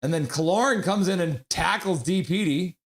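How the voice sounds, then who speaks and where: Man, hockey stream commentator, slightly high voice, excitable, reads chat aloud. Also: normal speed. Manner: excitable, shouts out viewers' chat messages. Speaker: streamer doing live hockey play-by-play. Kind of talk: casual live-stream commentary.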